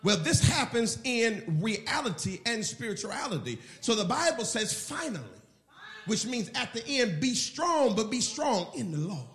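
High, lively, emphatic preacher man. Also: unhurried, echoey room. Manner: emphatic, animated preaching with storytelling. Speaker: pastor. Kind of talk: sermon. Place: church.

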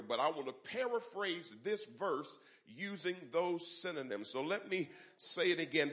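A pastor preaching a sermon in a church, leading the congregation in call-and-response and rising loud on key phrases. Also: male voice, on the high side. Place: church sanctuary.

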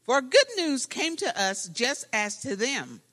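A reader reading scripture aloud in a church, slow and measured. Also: mid-range voice, big pitch swings, bright, forceful tone. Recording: long hall reverb.

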